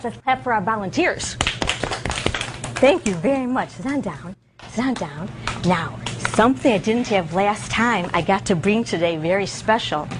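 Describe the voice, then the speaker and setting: A woman leading an interactive lesson for young children, with an animated sing-song teacher voice that swoops high when she praises them. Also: background noise. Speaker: visiting presenter teaching children. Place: school room with children.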